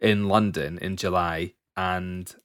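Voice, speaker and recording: A man's voice: deep voice, steady tone, slow, fairly bright tone, clear, resonant tone, no echo, clean studio sound. A man co-hosting a podcast in casual chat, joking and laughing often as he rambles through lists. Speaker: podcast co-host.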